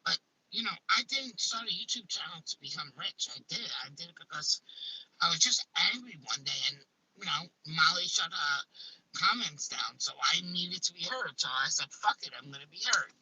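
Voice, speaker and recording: A woman with a thick Staten Island accent rants bluntly on a live stream. Her voice is piercingly bright and noticeably husky. She swears freely and stumbles into restarts. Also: fairly low pitch, lively intonation, moderate pace, low-quality recording. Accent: Staten Island, New York. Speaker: YouTuber hosting a live stream. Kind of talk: casual live-stream rant.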